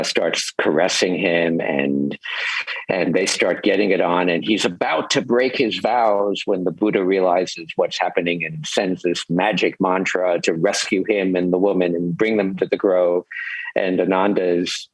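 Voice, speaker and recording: A man's voice: deep voice, measured pace, husky, no room sound, low-quality recording. An older man, a Zen teacher, telling stories as a podcast guest in a rambling, reflective way with chuckles. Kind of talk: storytelling in a podcast interview.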